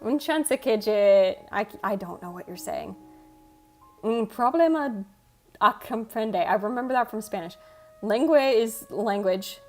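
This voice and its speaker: Her voice is medium-pitched, animated, and somewhat dark, delivered at a measured pace. The woman is livestreaming, chatting loosely with viewers, going through their comments, rambling, breaking off mid-thought, and swearing offhand over faint music.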